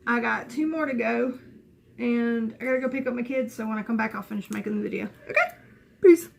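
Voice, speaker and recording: A woman's voice: on the high side, fairly quick, vocal fry, background noise. A woman, telling a personal story to camera in a rambling, chatty way full of restarts and asides. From Southern United States. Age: 20s. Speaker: vlogger.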